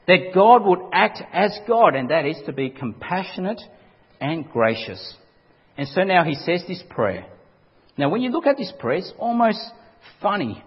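A pastor preaches with an emphatic, animated delivery. His voice sits high and a bit husky, swinging widely in pitch. The sound is dull and carries a long hall reverb. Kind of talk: sermon.

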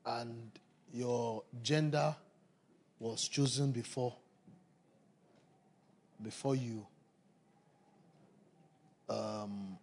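Gravelly man preaching. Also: mid-range voice. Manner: animated, laughing, repeats phrases. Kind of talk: sermon.

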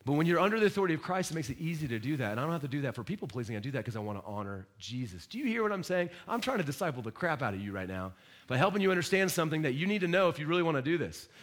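A man preaching a sermon as pastor, emphatic, with direct questions to the congregation and sudden rises and soft drops. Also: fairly high pitch, lively intonation, rapid-fire.

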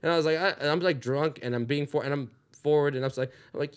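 A young man, a podcast guest telling a rambling, profane, animated comic story. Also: fairly high pitch, fast, clean tone.

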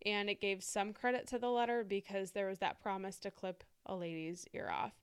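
A woman co-hosting a relaxed podcast, her voice smooth and clear. She talks in a loose, chatty way, full of "like" and "um." Her pitch sits in the ordinary middle range. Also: fairly quick. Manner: chatty, frequent "like" and "um" fillers. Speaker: podcast co-host. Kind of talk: casual conversational chat.

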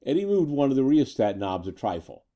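A man narrating a pulp story in a measured, dramatic reading. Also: medium pitch, big pitch swings, warm tone.

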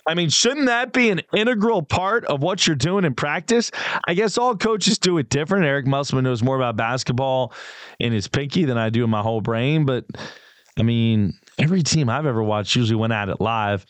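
A man's voice: mid-range voice, animated, brisk, no echo. A male sports radio host, chatting casually and opinionatedly, talking straight to his listeners. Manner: opinionated, conversational, addresses listeners directly.

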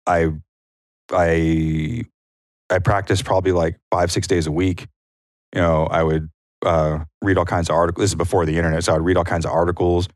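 Deep male podcast co-host, easygoing storyteller, dry close mic. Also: flat delivery, a little fast, dry recording. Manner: storytelling, acts out quotes in a higher voice. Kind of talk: casual chat.

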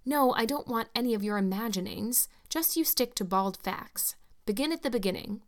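A woman's voice: a little high, expressive, normal speed. A woman voicing a strict older guardian who speaks curtly and dryly in a storybook reading. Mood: stern. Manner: curt, dry.

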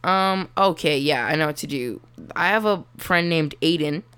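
A woman with a low voice co-hosts a chatty podcast. She jokes around and rambles, breaking into giggles as she goes. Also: moderate pace, a bit bright, clean tone. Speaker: podcast co-host. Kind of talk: casual chat. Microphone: remote call mic.

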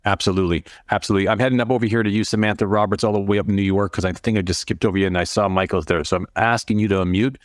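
A man with a lowish voice hosts an online interview and talks with enthusiasm. He is on a video call, and the sound is dry. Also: steady tone, racing, few pauses, no room sound. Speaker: host.

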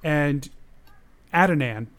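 A man with a slightly high voice runs a tabletop game as game master. He narrates in a casual way with many fillers. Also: extremely slow, a bit bright.

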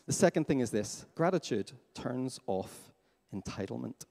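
A man preaching a sermon as pastor in a church, lively and questioning his congregation. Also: medium pitch, normal speed, creaky. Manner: animated, asks the congregation questions. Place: church hall. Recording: long hall reverb.

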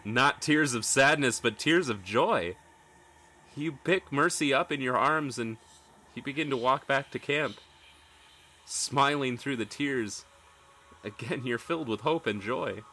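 A man's voice: mid-range voice, unhurried, sharp tone. A man narrating a tabletop role-playing game as game master, telling the story in dramatic second person.

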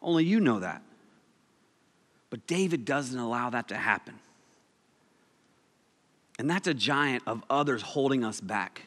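A man's voice: mid-range voice, lively intonation, unhurried, pauses often, a bit bright, in a large hall. A man preaching a casual, joking sermon, telling stories with animation.

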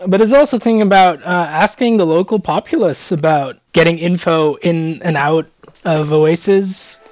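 A player in a tabletop game, lively and giggly. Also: mid-range voice, normal speed, no room sound. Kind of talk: tabletop role-play chat.

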